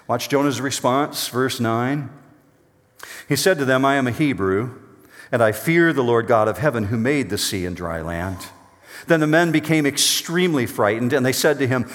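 A man preaches a sermon in a mid-range voice. He reads the scripture with loud, urgent drama and drops to quiet, low asides as he explains it. Each word trails a long reverb, as if spoken in a large hall. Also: expressive, moderate pace. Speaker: pastor.

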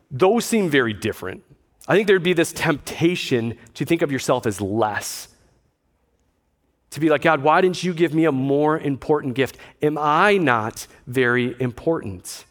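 A man pastor preaching a conversational sermon, with dry asides and quotes he acts out. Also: medium pitch.

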